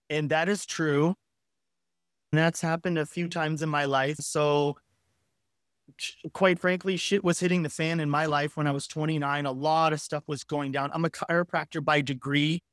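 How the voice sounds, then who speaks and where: A man in his forties tells his story to an interviewer frankly and with energy, swearing casually as he goes. His voice sits fairly high for a man. The sound is dry and close, with no room echo. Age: 40s. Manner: frank, animated, casually profane. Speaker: guest. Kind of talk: candid storytelling in conversation.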